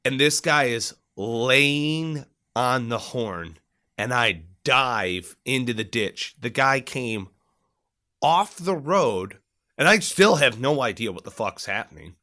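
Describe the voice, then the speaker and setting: A middle-aged man co-hosting a podcast, telling a military story in casual, profane chat and acting out shouted quotes. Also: mid-range voice, lively intonation, takes it slowly.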